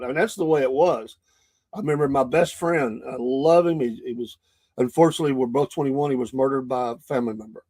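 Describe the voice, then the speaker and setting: A man's voice: mid-range voice, brisk, darkish tone. A middle-aged man with a Southern US accent, hosting a podcast as a casual, rambling monologue full of restarts and fillers. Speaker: podcast host.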